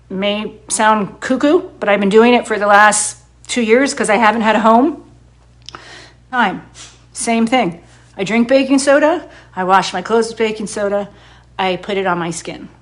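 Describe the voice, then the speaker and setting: A woman in casual talk, blunt and profane, ranting quickly and often asking "right?" as she tells her story. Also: a little high.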